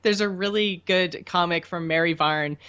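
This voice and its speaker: Woman co-host, low voice, giggly and detailed, muffled recording. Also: a bit bright, clear, resonant tone. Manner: giggly, explains in detail, quick asides. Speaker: podcast co-host. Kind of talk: casual gaming podcast chat.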